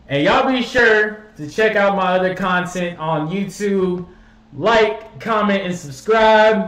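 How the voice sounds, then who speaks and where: A man streaming, reacting to basketball clips with hyped, profane, yelling commentary. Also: high-pitched, reverberant, far from the mic, poor audio.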